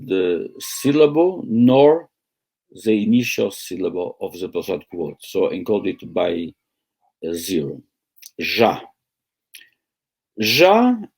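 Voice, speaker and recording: Slow, halting male lecturer. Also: on the low side, warm tone, breathy edge. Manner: slow, halting, with many pauses and fillers. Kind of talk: academic lecture. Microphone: video call.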